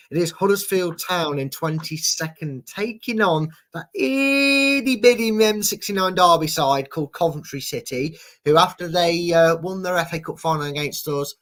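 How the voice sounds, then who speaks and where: A man hosts a relaxed football prediction show. His voice sits a little high, and he talks in a chatty, teasing way while reading out viewers' score picks. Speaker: host. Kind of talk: casual football prediction chat.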